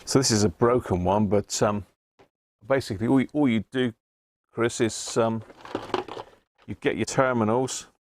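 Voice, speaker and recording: A man's voice: mid-range voice, moderate pace, pauses often, a little hiss or hum. A man hosting a casual live stream, rambling as he answers viewers from the chat. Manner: chatty, rambling, with restarts while reading chat aloud. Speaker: host of a radio-hobby live stream.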